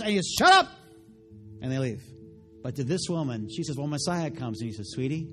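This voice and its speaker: In a medium-pitched male voice, a pastor preaches a sermon, retelling a story with character voices and rising to loud, fervent preaching.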